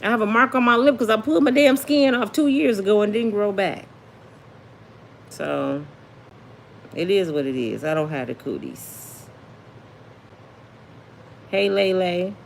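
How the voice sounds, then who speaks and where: A woman's voice: mid-range voice, lively intonation, measured pace, creaky, pauses often, a little hiss or hum. Sassy chatty woman hosting a livestream. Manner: chatty, sassy, reads viewer comments aloud. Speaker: celebrity gossip livestream host. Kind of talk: casual livestream chat.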